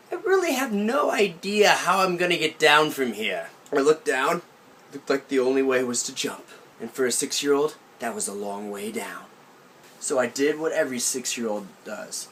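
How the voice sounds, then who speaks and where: A young man vlogging from his aunt's country house, telling a childhood story with a playful, mock-serious delivery. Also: fairly high pitch. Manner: animated, playful deadpan storytelling. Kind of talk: comic storytelling vlog.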